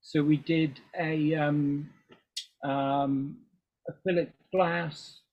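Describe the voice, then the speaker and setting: A man's voice: a little high, level tone, extremely slow. An older man chatting as a guest in an interview, talking in a rambling way with frequent ums and restarts. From England. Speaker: guest musician. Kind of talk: casual interview chat. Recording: dull lo-fi recording.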